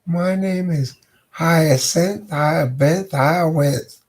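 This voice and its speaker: Guy doing a flirty wide-eyed lady voice, high and teasing, bit gravelly. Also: very slow, exaggerated voice. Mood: coy.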